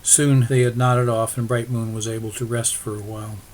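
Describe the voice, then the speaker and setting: A man's voice: medium pitch, flat delivery, fairly quick, a little mellow. Man steadily narrating a story. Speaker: audiobook narrator. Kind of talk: scripted narration.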